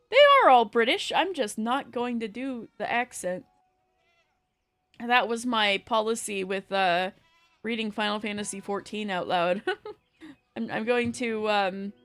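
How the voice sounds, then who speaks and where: A woman streamer reads a story aloud at a middle pitch and breaks in with casual joking asides. Soft game music plays faintly underneath.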